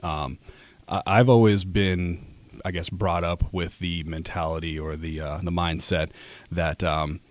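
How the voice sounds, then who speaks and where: Earnest but halting, an Alaskan ad sales rep in his thirties discusses his work as a radio guest, peppering the casual interview with fillers and false starts. His low-pitched voice shows little pitch movement and runs a little slow, with no echo.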